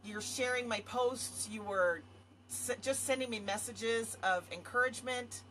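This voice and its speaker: A woman's voice: fairly high pitch, a little slow, fairly bright tone, a little hiss or hum. A woman vlogging to her viewers in casual talk, effusive and rambling. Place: home area in Montana.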